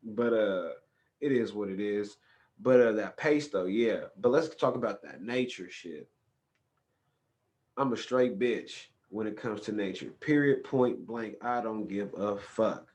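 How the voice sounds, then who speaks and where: A man from California, hosting a podcast in a casual, profane, animated storytelling style. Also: fairly low pitch, a little slow. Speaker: podcast host. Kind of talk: casual chat.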